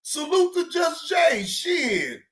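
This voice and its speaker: Loud cursing man, echoey room. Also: extremely high pitch, wildly swooping pitch, takes it slowly. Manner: shouting, cursing, mimicking chat. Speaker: streamer reacting to clips. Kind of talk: loud profane livestream rant.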